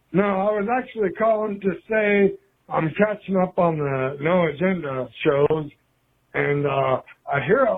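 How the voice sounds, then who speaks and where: High-voiced male caller on a phone line. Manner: profane, rambling, breaks into high shouted yelps. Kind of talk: casual phoned-in rant.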